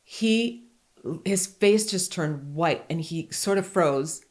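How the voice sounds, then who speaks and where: A woman's voice: on the low side, takes it slowly. A woman in her forties hosting a podcast, chatting casually, joking and telling candid stories. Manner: animated, joking and candid storytelling. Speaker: podcast host.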